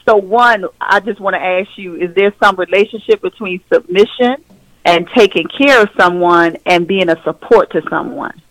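A woman's voice: mid-range voice, moderate pace, a bit bright, dry recording. A woman calling in to a radio talk show, speaking directly and pressing with questions. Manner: direct, questioning, laughs while talking. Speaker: caller. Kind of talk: call-in radio discussion. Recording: phone line into radio show.

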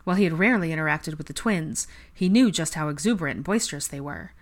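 Rich: A woman with a low voice reads a fan fiction audiobook aloud. Her narration is steady and even-paced, in plain storytelling fashion. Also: fast.

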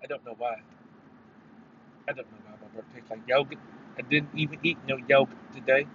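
Speaking a little fast in a medium-pitched, slightly bright voice with fairly even intonation, a man hosts his own casual podcast. He wanders from point to point, swears, and hits sudden emphatic bursts; the headphones mic recording is dull and lo-fi with faint noise.

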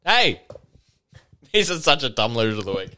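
Lively tipsy podcast host ranting. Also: male voice, medium pitch, normal speed. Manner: animated, swearing, mocking impressions. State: a bit tipsy. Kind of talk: casual solo podcast rant.

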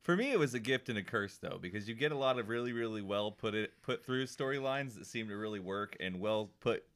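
A man's voice: on the low side, lively intonation, fairly quick, fairly bright tone. A man co-hosting a podcast, jokey and teasing, laughing often. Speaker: podcast co-host. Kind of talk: casual podcast chat.

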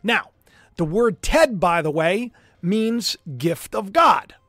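A man hosting a livestream commentary show, excitable and animated, chatty with jokey asides. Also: high voice, slow, no room sound, studio quality. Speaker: host.

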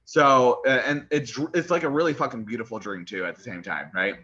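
A young man co-hosting a casual podcast chat, animated and fired up, swearing often. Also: medium pitch, brisk. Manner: animated, swears a lot, gets feisty. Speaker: podcast co-host. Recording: dull lo-fi podcast audio.

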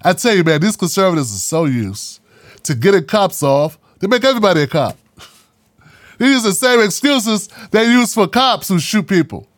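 A man with a high voice talks straight to his audience in a loose, sarcastic monologue, full of slang and mocking asides. His voice is close and dry, with no room around it. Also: very animated, moderate pace, no echo. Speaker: political commentary host. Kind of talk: casual commentary monologue.

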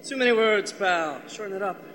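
An actor playing a vain, cynical silent-movie star with a brash, sarcastic manner. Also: male voice, high voice, brisk, fairly bright tone, long reverb tail, a little hiss or hum. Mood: irritable.

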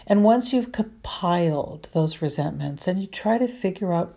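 A woman's voice: lowish voice, expressive, creaky, mellow, husky. A middle-aged woman marriage counselor giving earnest, repetitive advice to listeners. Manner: earnest, repetitive, slow and deliberate.

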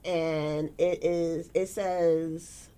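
A woman's voice: low voice, drawn-out words, smooth. A woman, hosting a casual podcast and telling stories, acting out the people she quotes. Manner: animated storytelling, acting out quotes. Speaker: podcast host.

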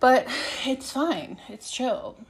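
A woman's voice: high voice, animated, takes it slowly, background noise. Young woman rambling frankly on her podcast. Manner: rambling, frank, swears freely. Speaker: podcast host. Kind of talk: candid solo podcast chat.

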